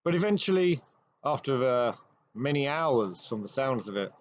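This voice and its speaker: Man retelling a ghost story, measured. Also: mid-range voice, very animated, no room sound. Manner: measured storytelling with dramatic pauses. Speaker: host. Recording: dry, slightly dull recording.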